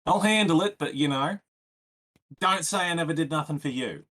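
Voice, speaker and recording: A man's voice: a little high, normal speed, pushed and bright, voice pushed up. A man playing a grumbling, laid-back male ranger in a tabletop game.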